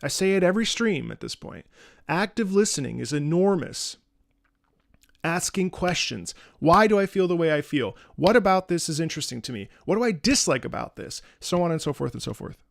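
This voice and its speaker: Host type: man, a little high, gravelly, dry close sound, rambling and earnest, casual stream chat. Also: very animated, brisk, no echo. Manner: rambling, repeats words and restarts often. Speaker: streamer reacting to music.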